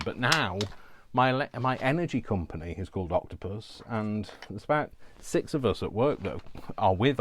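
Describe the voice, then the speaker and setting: A man's voice: lowish voice, fairly bright tone, a little hiss or hum. A man vlogging while he does crafts, talking to himself by name in a giggly, rambling way. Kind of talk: casual talk while crafting.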